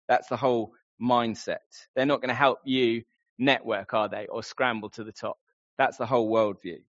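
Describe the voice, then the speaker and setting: A man's voice: medium pitch, fairly bright tone, dry recording. A man preaching a sermon in an earnest way, often putting questions straight to his listeners. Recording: slightly dull lo-fi sound.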